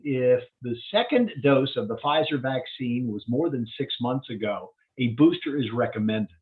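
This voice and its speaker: A man, a physician, giving a community health update and walking plainly through slides step by step. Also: mid-range voice. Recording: tinny phone-like line.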